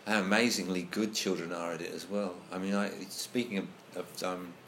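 A man with a lowish voice talks through ideas in a casual group discussion. He is thoughtful and hesitant, circling back and restarting sentences as he goes. A faint hiss sits under his voice. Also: flat delivery, normal speed, fairly bright tone.

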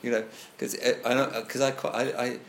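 A man's voice: medium pitch, flat delivery, brisk, slight background noise. A man leading a casual group discussion, thoughtful and hesitant, restarting his sentences often.

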